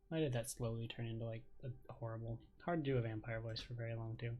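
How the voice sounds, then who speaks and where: A man's voice: medium pitch, steady tone, fast, few pauses, muffled recording. A man streaming a role-playing game, reading its text aloud and chatting playfully between lines. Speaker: let's-play streamer.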